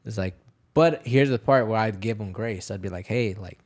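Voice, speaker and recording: A young man telling fight stories as a podcast guest, casual, profane and animated, acting out the quotes. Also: fairly low pitch, normal speed. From Texas, USA. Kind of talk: casual storytelling interview.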